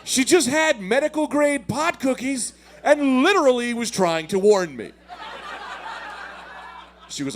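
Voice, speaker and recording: A man in his thirties tells a stand-up story with a high, lively voice that swoops all over as he acts out voices. Faint room ambience sits behind him on stage. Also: moderate pace, a little hiss or hum. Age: 30s. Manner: animated, acts out voices with big pitch swings. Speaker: stand-up comedian.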